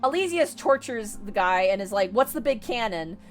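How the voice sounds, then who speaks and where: A young woman streamer casually retelling a novel to her chat, talking quickly and excitedly, swearing freely and laughing mid-sentence. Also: medium pitch, soft background music. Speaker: VTuber streamer.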